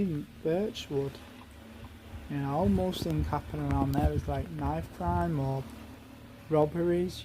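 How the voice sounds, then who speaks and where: A man's voice: on the high side, mellow, slight background noise, rough recording. A man ranting in an angry monologue, heated and repetitive, swearing often.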